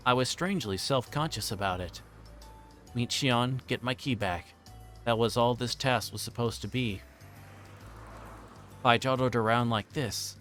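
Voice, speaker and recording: A man's voice: mid-range voice, fairly bright tone. Man reading a visual novel aloud. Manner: plain narration with occasional stumbles and restarts. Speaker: streamer.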